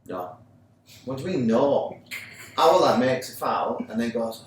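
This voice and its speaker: English man telling an animated story. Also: medium pitch, normal speed, very echoey, far from the mic, a little hiss or hum, rough recording. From England. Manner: animated storytelling, acting out both sides of an argument. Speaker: podcast co-host. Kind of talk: casual chat.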